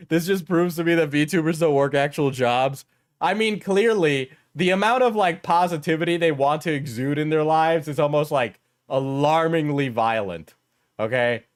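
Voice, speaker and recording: A man's voice: on the high side, moderate pace. A man streaming casual reaction commentary, sarcastic and crude, often laughing as he talks.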